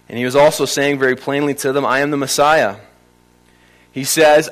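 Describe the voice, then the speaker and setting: A man's voice: mid-range voice, fairly even intonation. Emphatic male preacher. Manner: emphatic, varies pace for stress, slows on key phrases. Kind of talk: sermon.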